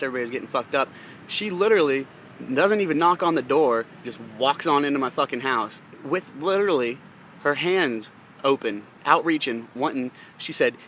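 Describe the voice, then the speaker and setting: Young guy telling a story, swears a lot, rambles, bright voice, bit of street noise behind. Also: medium pitch. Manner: profane, rambling, laughs mid-sentence. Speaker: podcast host. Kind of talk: casual storytelling monologue.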